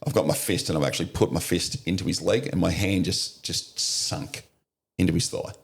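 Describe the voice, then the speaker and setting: Blunt middle-aged Australian man, low gravelly voice, vivid storyteller. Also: steady tone, moderate pace. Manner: blunt, vivid retelling with swearing. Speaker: podcast guest, former police officer. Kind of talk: storytelling in an interview.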